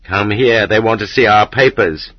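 A man voicing a frightened young male fugitive who shouts urgently, with a husky voice, on a slightly dull recording. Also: fairly low pitch, normal speed, no echo, lightly acted.

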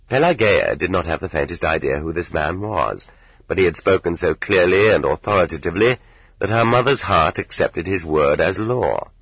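A man narrating an audiobook in measured, even storytelling. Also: deep voice, slightly rough, dry recording, lo-fi sound. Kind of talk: scripted narration.

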